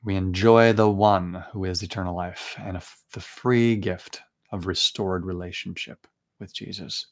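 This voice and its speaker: A man's voice: deep voice, fairly even intonation, measured pace. A young man leading a late-night Bible study, preaching in an earnest, conversational way with frequent restarts and asides. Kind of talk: informal sermon.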